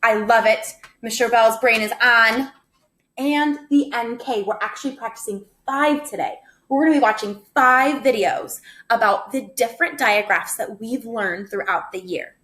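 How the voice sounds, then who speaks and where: A woman's voice: a little high, normal speed, a bit bright. A woman teacher giving a recorded phonics lesson to first graders, upbeat, chatty and encouraging.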